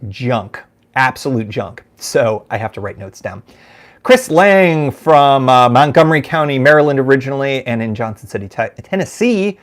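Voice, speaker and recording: A man's voice: medium pitch, expressive, moderate pace. Rambling American man hosting a live show. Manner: rambling, self-deprecating, lots of fillers and restarts. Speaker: podcast host. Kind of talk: casual live-stream chat. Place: home room.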